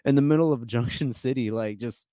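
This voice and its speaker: A man's voice: medium pitch, brisk, mellow, smooth, no room sound. A young man telling stories as a podcast guest in a casual, rambling way, full of fillers and restarts. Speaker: guest musician.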